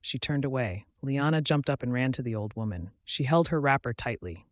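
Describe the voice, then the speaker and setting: Male narrator, storybook, dramatic, animated, dry close sound. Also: mid-range voice, brisk, dry recording. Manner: expressive, dramatic.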